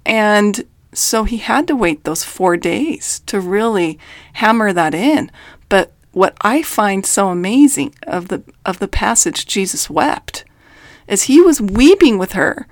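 A woman's voice: medium pitch, animated, takes it slowly, dry recording. Earnest woman coach, dry close sound. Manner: earnest, emphatic, with quoted voices. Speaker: life coach. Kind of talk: faith-based reflective talk.

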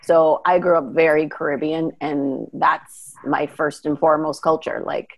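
Low-voiced Canadian-born woman talking. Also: flat delivery, unhurried. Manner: talkative, keeps checking with "right?". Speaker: podcast co-host. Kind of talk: casual discussion.

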